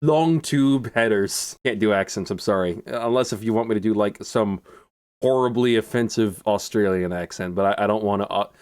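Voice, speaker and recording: A man's voice: fairly low pitch, steady tone, brisk, darkish tone, smooth. A young man commenting on a racing game, sarcastic and rambling, laughing often. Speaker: gaming YouTuber.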